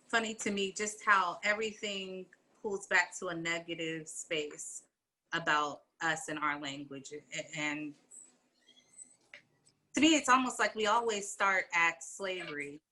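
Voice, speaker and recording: A woman speaking in an animated, conversational way with casual slang, talking on a video call. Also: fairly low pitch, unhurried. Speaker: discussion panelist.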